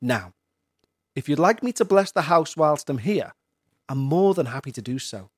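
A man playing a sceptical priest who speaks in a calm, sarcastic, condescending way. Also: fairly high pitch, normal speed, no room sound, clean studio sound. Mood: soothing. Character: sceptical, patronizing middle-aged male priest.

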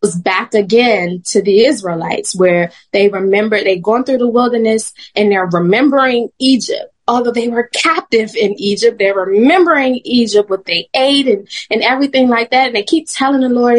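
A woman telling her personal faith story as a podcast guest. Her voice sits a little high, and she tells it with animation, often laughing. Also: normal speed, few pauses.

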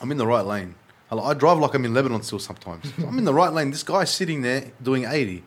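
A man with an Australian accent telling animated stories in a casual chat and swearing freely. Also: mid-range voice, fast, husky.

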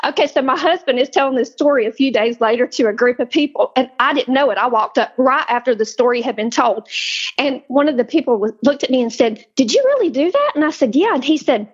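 High-voiced Southern woman storyteller. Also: quick pace, slightly rough, dull audio. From South Carolina mountains. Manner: lively, laughing storyteller. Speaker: podcast guest. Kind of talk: casual storytelling. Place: Florida.

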